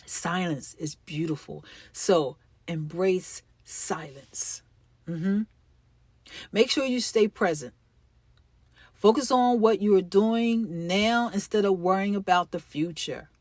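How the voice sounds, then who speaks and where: Woman host, emphatic and encouraging, mid-pitched voice, dry close recording. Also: darkish tone, no room sound. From United States. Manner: emphatic, encouraging, repeats key phrases. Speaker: podcast host. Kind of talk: faith-based motivational talk.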